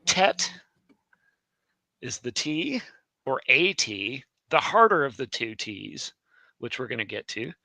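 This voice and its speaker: A man co-teaching a live alphabet lesson, talking slowly and unhurriedly. His voice is bright and forward, and the sound is dry and close. He is chatty, laughs easily and corrects himself often. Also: medium pitch, big pitch swings, gravelly, no echo. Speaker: Hebrew class co-teacher.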